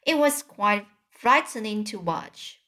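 A woman reading a children's novel aloud in a slow, halting way, often restarting words. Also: mid-range voice, expressive, pushed and bright. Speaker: reader.

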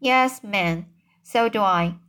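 A woman voicing an eager-to-please young servant girl, reading slowly. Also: medium pitch, fairly bright tone. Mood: agreeable.

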